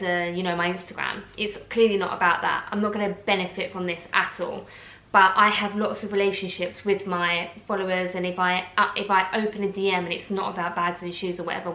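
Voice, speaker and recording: A woman's voice: mid-range voice, fairly bright tone. A woman from Essex with an Essex accent, a blogger ranting to camera in a chatty, indignant way full of fillers. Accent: Essex English. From Essex, England. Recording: roomy echo.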